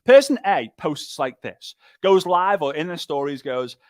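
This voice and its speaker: Energetic man giving a pep talk. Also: a little high, unhurried, no echo, studio quality. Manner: energetic, emphatic, lively, with repetition and mimicry. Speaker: speaker and business trainer. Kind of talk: motivational training talk.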